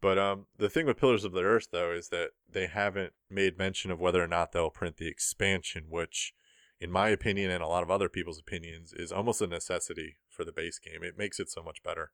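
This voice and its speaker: A young man hosting a board game news podcast in casual chat, relaxed and rambling with lots of ums. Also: sits low, brisk, no echo, studio quality.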